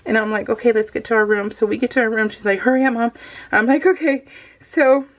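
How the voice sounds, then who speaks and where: A woman's voice: on the high side, fairly even intonation, quick pace, dull audio. A middle-aged woman telling a story in a casual, chatty voice-over, laughing often and coughing now and then after tonsil surgery. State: coughing, recovering from tonsil removal. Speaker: scrapbooking vlogger.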